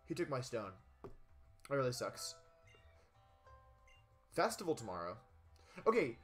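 A young man giving casual, chatty commentary while playing a video game, excitable with jokey asides. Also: medium pitch, a little slow, faint music behind. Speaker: let's play gamer.

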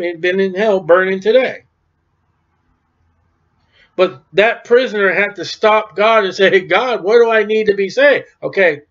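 A man's voice: sits high, highs cut off. A man preaching an informal sermon in a conversational way, acting out bits of dialogue as he goes. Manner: conversational, acts out dialogue in quoted voices.

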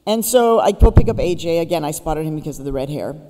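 Woman keynote speaker, storytelling, urging, mellow tone, long hall echo. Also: low-pitched, lively intonation, fast, slight background noise. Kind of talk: public speech. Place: school auditorium. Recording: reverberant auditorium.

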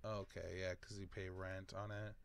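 A man's voice: sits low, level tone, normal speed, gravelly, clean tone. A man hosting a gaming video, chatting casually and thinking aloud as he picks options. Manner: rambling, thinking aloud while choosing options. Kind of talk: casual let's-play commentary.

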